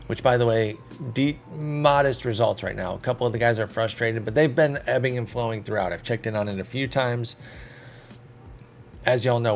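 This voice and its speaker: Gravelly man thinking aloud over gameplay. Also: mid-range voice, slight background noise. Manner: chatty, thinks aloud, self-deprecating. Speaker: video game streamer. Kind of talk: casual gameplay commentary.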